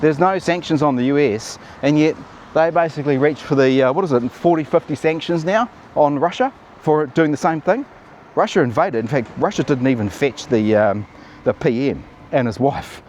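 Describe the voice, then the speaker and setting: A man's voice: fairly high pitch, moderate pace, darkish tone, a little hiss or hum. Blunt, rambling New man. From New Zealand. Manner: rambling, blunt and cheeky with many fillers. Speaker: political commentary host. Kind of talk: casual opinion commentary.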